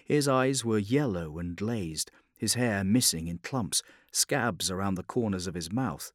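A man narrating a science fiction audiobook in a measured, grave storytelling manner. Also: on the low side, animated, dry recording, clean studio sound. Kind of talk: scripted dramatic narration.

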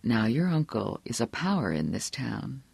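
Man reading a drawling, threatening small-town political bully, low and slow, dry close sound. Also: lively intonation, dry recording. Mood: quiet menace. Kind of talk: audiobook character voice.

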